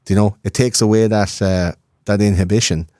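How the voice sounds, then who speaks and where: A man in his thirties, a podcast guest, talking in a rambling, profane, animated way. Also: fairly low pitch, brisk, dry recording, clean studio sound. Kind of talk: casual conversation.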